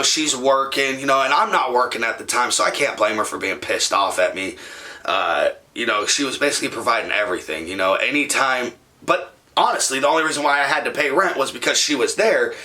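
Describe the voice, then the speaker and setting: A man's voice: medium pitch, a little fast, bright, forceful tone. A young man telling a rambling, profanity-laced personal story in a casual monologue, full of fillers. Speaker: storyteller vlogger.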